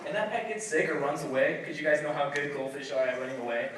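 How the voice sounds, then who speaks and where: A man's voice: a little high, fast. Young man doing stand-up in an echoey room. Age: young adult. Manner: storytelling, acts out voices with loud outbursts. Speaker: stand-up comedian. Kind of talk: stand-up comedy set. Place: comedy night venue, audience laughing. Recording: echoey room, distant mic, noisy.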